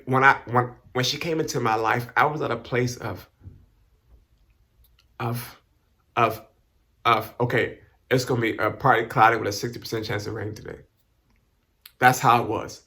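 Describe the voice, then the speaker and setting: Gravelly-voiced man, halting and emotional. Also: medium pitch, bright, forceful tone. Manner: halting, many restarts and repeated words. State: emotional, near tears. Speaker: vlogger giving thanks. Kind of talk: emotional personal talk to camera.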